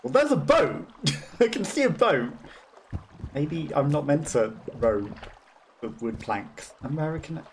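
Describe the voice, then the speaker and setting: His fairly high voice has a sing-song lilt, a little slow and broken by long pauses, with a slight hiss or hum. This young Black Country man from the West Midlands, England, streams a game with chatty, self-deprecating commentary and frequent laughter.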